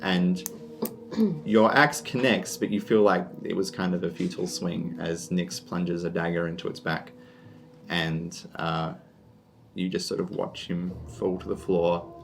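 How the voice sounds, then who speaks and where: A man's voice: low-pitched, steady tone, unhurried, vocal fry, faint music behind. A man with an Australian accent narrating a tabletop game as game master, laid-back and full of fillers.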